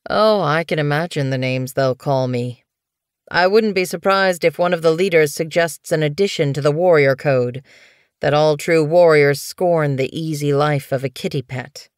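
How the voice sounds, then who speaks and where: A woman's voice: low voice, clean tone, no echo, clean studio sound, close to an everyday voice. Woman voicing a weary old cat leader. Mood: resigned. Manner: calm, formal, measured. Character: weary male cat clan leader, resigned.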